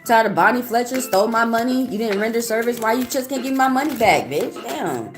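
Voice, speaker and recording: A woman's voice: a little high, lively intonation, a little fast, faint music behind. A woman giving a live-stream tarot reading and answering viewers, talking bluntly and heatedly and swearing often. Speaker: tarot reader.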